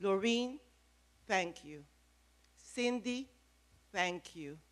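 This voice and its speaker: A woman's voice: mid-range voice, lively intonation, very slow. A woman giving a passionate speech from a podium at an event, emphatic and repeating phrases. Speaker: speaker at a press event. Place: event room with an audience. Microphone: podium microphone.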